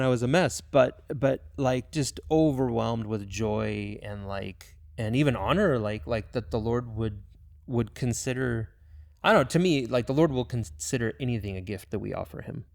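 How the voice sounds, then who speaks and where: Young male pilot, casual and emotional storyteller, gravelly tone, dry close sound. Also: mid-range voice, no echo. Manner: animated, emotional, filler-heavy. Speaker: missionary pilot.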